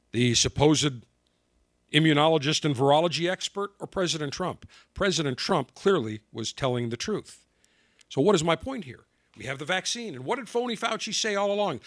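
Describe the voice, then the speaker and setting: A man's voice: a little high, lively intonation, normal speed, fairly bright tone, no room sound, clean studio sound. A man hosting a talk radio show, delivering an opinionated monologue in a combative, sarcastic, mocking way.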